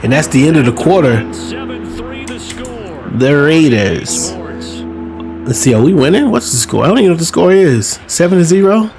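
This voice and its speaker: A man giving casual, chatty play-by-play of his own football video game, relaxed and self-mocking, now and then bursting out excitedly. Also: fairly high pitch, moderate pace, long pauses, music in the background. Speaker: podcast host playing a football video game. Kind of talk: casual play-by-play commentary while gaming. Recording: game crowd noise behind the voice. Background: stadium crowd sound from the game.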